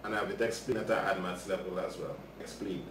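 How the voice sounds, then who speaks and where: A man's voice: low-pitched, steady tone, fast talker, fairly bright tone, distant mic, slight background noise. Man, live maths lesson, casual and chatty, echoey room, off-mic. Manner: casual, chatty, talks to viewers while working problems. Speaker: maths teacher. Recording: roomy livestream audio from off-mic.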